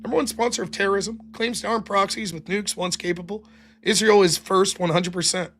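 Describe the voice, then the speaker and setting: A man hosting a live stream, reading viewer messages aloud with sarcastic, animated commentary. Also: high-pitched, fairly quick. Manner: sarcastic and animated, mocking repetition. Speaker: livestream host.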